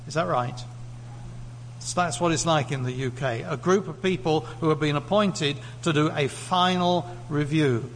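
A man's voice: a little high, moderate pace. A man from the UK preaching a sermon in a conversational way, putting questions to the congregation. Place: church hall. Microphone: lectern mic. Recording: echoey hall, faint hum.

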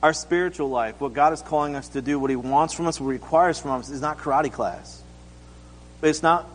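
High-voiced man preaching in a reverberant hall. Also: moderate pace, slight background noise. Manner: casual, acts out quotes, asks the congregation questions. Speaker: pastor. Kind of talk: conversational sermon.

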